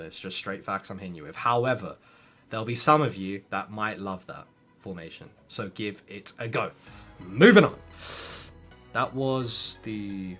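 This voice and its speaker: A man talking casually to his viewers, giving gaming tips in an animated, direct way, often turning to speak straight at the audience. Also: lowish voice. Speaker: gaming content creator. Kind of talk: casual tips talk to camera.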